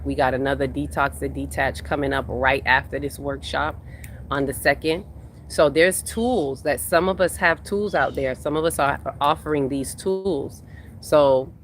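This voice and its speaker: On a livestream, a spiritual workshop host talks casually, reading viewers' chat comments aloud, answering them, and repeating phrases for emphasis. The voice is mid-range and a bit bright, with slight background noise.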